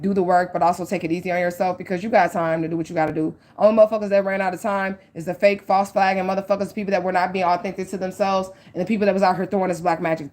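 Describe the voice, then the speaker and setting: A woman with a slightly low voice gives a casual spiritual card reading. She talks straight to her viewers, blunt and profane, with lots of "like" and "okay?" between thoughts. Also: a little mellow. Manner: frank and profane, with many likes and okays; earnest, speaks straight to the audience. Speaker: psychic tarot reader.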